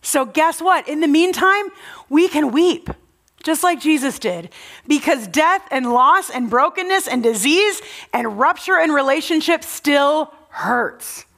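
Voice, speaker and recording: A young woman preaching a sermon, telling the story earnestly and dropping to a soft, low voice at tender moments. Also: animated, measured pace.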